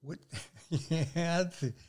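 Guesting on a faith talk show, an older man speaks slowly in a voice that's a little high. He shares with earnest animation, drawing on scripture quotes.

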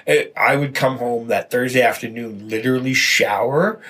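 Easygoing tipsy podcast dad. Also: male voice, medium pitch, normal speed, fairly bright tone. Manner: easygoing, agreeable, trailing off. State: tipsy from drinking. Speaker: podcast co-host, father. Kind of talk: casual chat.

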